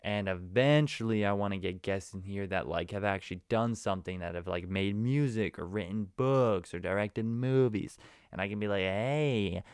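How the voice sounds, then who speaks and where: A man hosts a casual solo podcast in a rambling, offhand way, punctuated by sudden loud bursts of emphasis. His voice sits a little low and sounds smooth and clear. The recording is dry and close. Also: moderate pace, no room sound. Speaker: podcast host.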